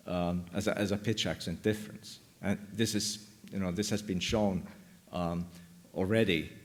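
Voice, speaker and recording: A man's voice: fairly low pitch, long reverb tail. A man answering an audience question at a lecture, explaining patiently with frequent ums. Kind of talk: academic Q&A answer. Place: lecture hall.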